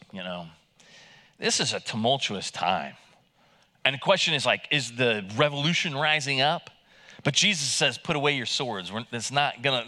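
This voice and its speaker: A male pastor delivers a casual, conversational sermon, his pitch rising and falling in a lively way. His voice is bright and forward, and he stumbles and restarts often as he retells the story. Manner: conversational, animated, many restarts, acts out quotes in raised voice.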